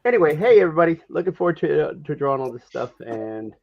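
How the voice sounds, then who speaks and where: A man talks quickly and casually as a guest on a video call, stumbling over his words with many "uh"s. His slightly high voice comes through muffled, lo-fi call audio. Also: sing-song, vocal fry, no echo. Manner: halting, lots of "uh". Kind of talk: casual chat.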